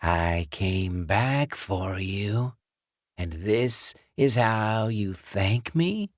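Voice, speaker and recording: A man doing a croaking undead ex-boyfriend. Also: lowish voice, animated, no room sound, clean studio sound. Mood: menacing. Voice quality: croaking, death-rattle voice. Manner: slow, drawn-out, sing-song menace. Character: rotting undead male ex-boyfriend, menacing.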